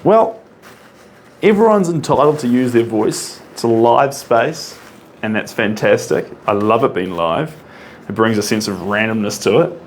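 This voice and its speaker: A man's voice: mid-range voice, animated, measured pace, a little hiss or hum. A man painting on a live stream, humming to himself and chatting with viewers as he answers their comments. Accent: non-American English, rolled R. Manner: chatty, hums and sings to himself, reads out and answers chat comments. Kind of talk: casual live-stream chat while painting.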